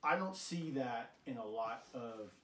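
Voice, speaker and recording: A male host asks his questions haltingly and piles up fillers and false starts. His voice sits at a middle pitch and sounds far from the mic. The room is echoey, with a faint hiss underneath. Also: expressive, fairly bright tone. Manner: halting, stacks fillers and restarts. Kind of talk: casual interview.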